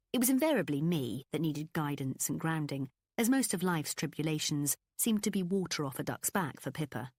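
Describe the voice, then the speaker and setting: A woman reading a first-person novel aloud as an audiobook narrator, in an expressive, confiding storytelling manner. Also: low-pitched, no echo, studio quality.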